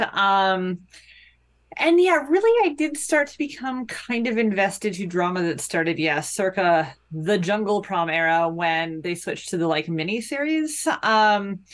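A woman guest on a podcast, chatting casually and easing into answers with "um" and "yeah so". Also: medium pitch. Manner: relaxed, hedging with "um" and "yeah".

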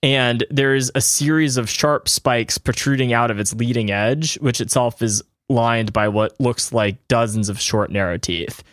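A man's voice: mid-range voice, measured pace, hardly any pauses, fairly bright tone, dry recording, clean studio sound. A man narrating a tabletop game as game master. He describes scenes in a loose, hedging way, saying "I think" and "kind of" a lot.

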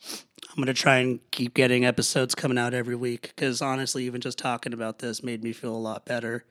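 A man hosts his own podcast in a halting, earnest way, often stopping and starting over. He sounds low and weary but keeps going. His voice sits at an ordinary pitch and is recorded dry and close. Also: flat delivery, fairly bright tone, no room sound. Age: young adult to middle-aged, a father. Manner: halting, earnest, many restarts. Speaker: podcast host. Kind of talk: personal solo podcast talk.

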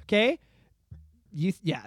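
A man from Canada co-hosting a podcast, ranting profanely about politics, swinging from loud outbursts to low mutters. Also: very animated, unhurried, no echo, studio quality. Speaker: podcast co-host. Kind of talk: casual political rant.

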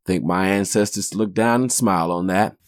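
A podcast host in his forties delivers a casual storytelling monologue, laid-back, rambling, and profane. His deep voice moves at normal speed, captured in clean studio sound with no room sound.

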